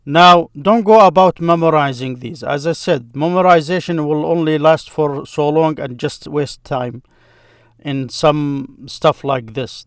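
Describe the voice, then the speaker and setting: Slow, patient male teacher. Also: a little high, no echo, studio quality. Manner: slow and patient, repeats words to model pronunciation. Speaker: Arabic teacher. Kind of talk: screen-share grammar lesson.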